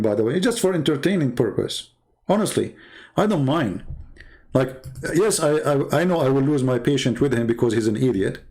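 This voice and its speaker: A livestream debate host, a combative man with a rather high, darkish voice, delivers combative commentary. He mocks and argues, firing off rhetorical questions in quick succession.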